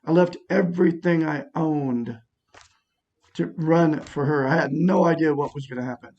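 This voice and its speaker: A man's voice: fairly high pitch, moderate pace, creaky, a little mellow, lo-fi sound. A middle-aged man telling a long personal story in a rambling, aggrieved way, with many restarts. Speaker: vlogger. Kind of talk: casual personal monologue.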